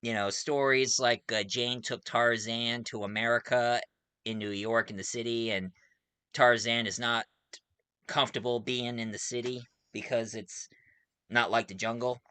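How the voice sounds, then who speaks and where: A man's voice: mid-range voice, pushed and bright, clear, resonant tone, no echo. A man reviewing a movie in a casual, rambling way, full of fillers and frequent chuckles.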